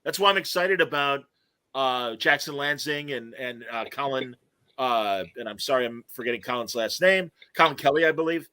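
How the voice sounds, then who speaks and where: A man hosting a podcast in casual chat, animated and laughing as he acts out quoted lines and reads comments aloud. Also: mid-range voice, normal speed, no room sound. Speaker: podcast host.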